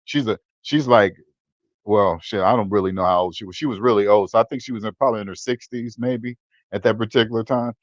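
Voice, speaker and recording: A man's voice: on the low side, quick pace, no room sound, dull audio. Blunt preachy man in his fifties. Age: 50s. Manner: blunt, preachy, repeats words for emphasis. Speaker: personal finance channel host. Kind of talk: casual livestream-style monologue.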